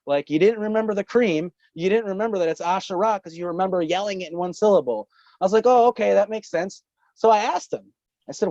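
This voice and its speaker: As a podcast guest, a man tells a long, rambling story, swearing and frequently bursting into laughter. His voice is high-pitched with a darkish tone, captured as dull lo-fi call audio with no room sound.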